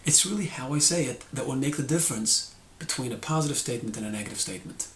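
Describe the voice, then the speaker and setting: A man's voice: medium pitch, expressive, quick pace, fairly bright tone, echoey room, slight background noise. A man teaching a short Torah lesson, explaining and acting out tones of voice.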